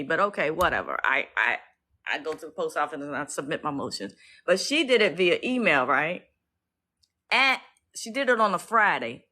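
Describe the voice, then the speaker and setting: A woman's voice: fairly low pitch, sharp tone. A middle-aged woman ranting on a casual livestream about her own court case, blunt and profane, stressing her points and often restarting her sentences.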